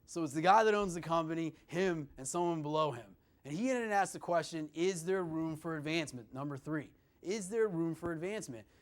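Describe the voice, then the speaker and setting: A man from a college career office giving students interview advice, animated and calling them "guys" with lots of "you know" fillers. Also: on the high side, brisk, hardly any pauses. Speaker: career services presenter. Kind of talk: instructional talk to students.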